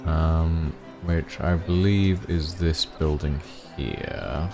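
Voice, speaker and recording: A man's voice: a bass voice, fairly even intonation, drawn-out words, over music. A man streaming a video game, chatting casually, wry and prone to restarts. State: has the hiccups. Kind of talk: casual let's-play chat.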